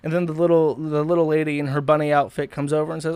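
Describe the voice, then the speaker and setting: A man's voice: a little high, little pitch movement, fast talker, darkish tone, clear, resonant tone, dry recording. A man hosting a live stream, ranting in a profane, mocking way. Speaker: streamer host.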